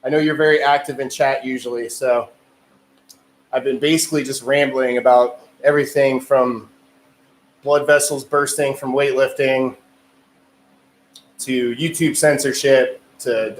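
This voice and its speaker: A man's voice: mid-range voice, normal speed. A man chatting loosely on a livestream as a strength athlete, rambling and swearing, with lots of filler words. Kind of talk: casual livestream chat. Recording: echoey room with faint noise.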